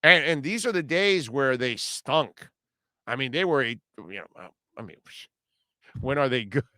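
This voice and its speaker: A man's voice: medium pitch, lively intonation, normal speed, sharp tone, dry recording, studio quality. A middle-aged man hosting a radio talk show, delivering a blunt, ranting opinion monologue full of casual slang.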